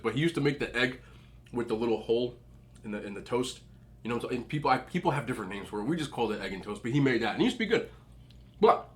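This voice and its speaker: A young adult man telling chatty stories as a mukbang vlogger, eating and talking with his mouth full. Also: medium pitch. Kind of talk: casual storytelling while eating.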